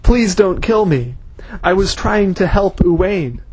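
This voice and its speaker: A man's voice: high voice, lively intonation, a little slow, a little mellow, husky, voice pushed up, heavily acted. A man voicing a caught old male plotter who pleads desperately for his life. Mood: pleading.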